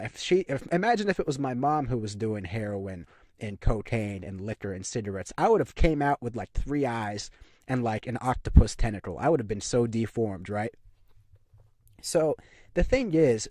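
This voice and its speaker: A young man talking straight to camera in a heated, insistent rant, hammering the same points again and again with plenty of "you know" and "like". His voice sits at an ordinary middle pitch. The recording is dry and close, with no room sound at all. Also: expressive, moderate pace, warm tone, no room sound. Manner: emphatic, repetitive ranting with frequent fillers. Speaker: commentary channel host. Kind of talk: opinionated monologue to camera.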